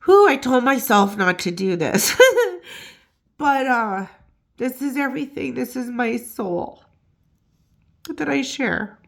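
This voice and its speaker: Female vlog host, unhurried, slightly high voice, chatty and emotional with frequent laughs. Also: a bit bright. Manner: emotional, laughs often, many fillers. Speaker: YouTube gossip host. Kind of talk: casual chat and rhyming poem reading.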